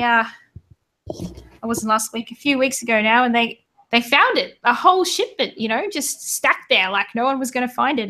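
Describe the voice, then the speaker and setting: A woman's voice: a little high, bright, forceful tone. A woman running a tabletop game as game master, chatting hesitantly with plenty of fillers and voicing townsfolk.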